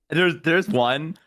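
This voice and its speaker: A man's voice: a bit bright, dry recording, studio quality. Young Southern man telling rambling stories. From American South. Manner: rambling, jumps into high voices when quoting. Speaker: stream co-host. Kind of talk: casual chat, storytelling.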